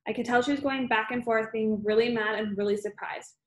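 A woman's voice: fairly high pitch, steady tone, brisk, echoey room. A woman reading a novel aloud as an amateur audiobook, in a plain, unpolished way. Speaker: reader.

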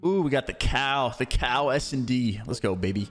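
A young man giving relaxed, chatty gameplay commentary and explaining his setups. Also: medium pitch, normal speed, soft background music. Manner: relaxed, chatty, uses fillers. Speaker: gaming streamer.

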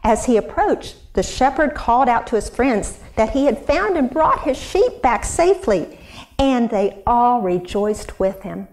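A woman's voice: on the high side, a little slow. A woman Sunday school teacher, expressively telling a Bible story to children and asking them questions. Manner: animated, expressive, asks the kids questions.

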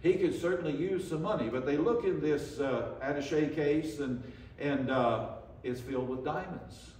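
A man's voice: fairly high pitch, moderate pace, darkish tone. An older man preaching a sermon in a church, telling stories in a folksy way with frequent restarts. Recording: echoey church room, from far off.

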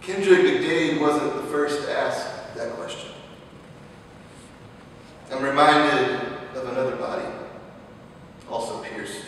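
A young man, a seminary student, preaching a dramatic sermon in a chapel, slow and impassioned, repeating his questions, swelling loud and then dropping to a hush. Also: medium pitch, a little hiss or hum. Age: young adult. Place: large chapel. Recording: echoey chapel, mic far off.

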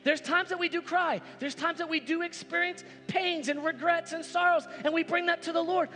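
A man's voice: extremely high pitch, fairly even intonation, moderate pace, hardly any pauses, pushed and bright. A man preaching a sermon as pastor, emphatic and repetitive, building to exclamations. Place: church sanctuary. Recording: reverberant church hall with background music.

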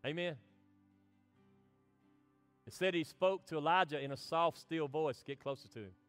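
A middle-aged man preaching a sermon as pastor, swinging between impassioned lines and soft, hushed ones. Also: a little high, moderate pace, faint music behind.

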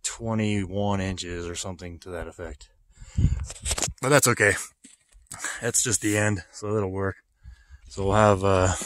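A man's voice: fairly low pitch, dry recording, clean studio sound. A man casually showing his building project outdoors, a little out of breath, rambling and joking about himself. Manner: relaxed, self-deprecating, rambling. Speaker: vlogger builder. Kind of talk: casual walkthrough vlog.

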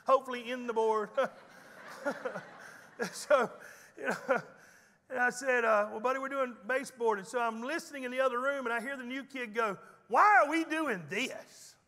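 Preacher man, real high bright voice, folksy and jokey, echoey hall. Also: fairly even intonation, normal speed, pauses often. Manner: folksy storytelling preacher with teasing humor. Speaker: pastor. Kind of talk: sermon. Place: church sanctuary.

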